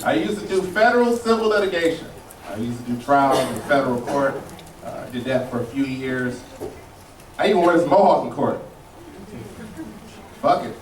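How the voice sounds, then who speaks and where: A man's voice: mid-range voice, animated, normal speed, long pauses. A man doing a stand-up comedy set, telling loose, profane stories that swing between somber and mocking. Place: comedy club stage with a live audience. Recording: roomy, distant live club recording with loud crowd noise.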